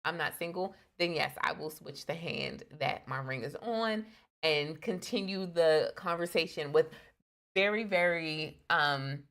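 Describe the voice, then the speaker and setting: This young adult woman co-hosts a casual relationship podcast, earnestly sharing candid stories in a casual chat. Her voice is lowish with a fairly bright tone.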